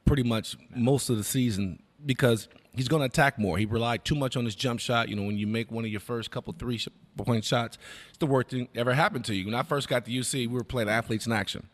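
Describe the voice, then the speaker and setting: A man on sports radio breaking down guards' play and telling lively stories from his playing days, acting out what coaches and teammates said. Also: medium pitch, a little fast, big-room sound. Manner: animated storyteller who acts out quotes. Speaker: radio basketball analyst. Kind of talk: sports radio analysis and storytelling.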